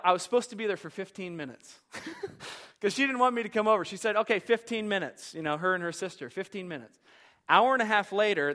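A man preaching a sermon as pastor, telling a story with passion, swinging from hushed to loud. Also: high voice. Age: young adult.

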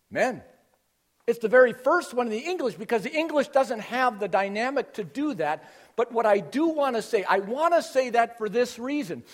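High-voiced man preaching an emphatic sermon. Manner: emphatic teaching, shifting from loud stresses to quiet intensity. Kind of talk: expository sermon.

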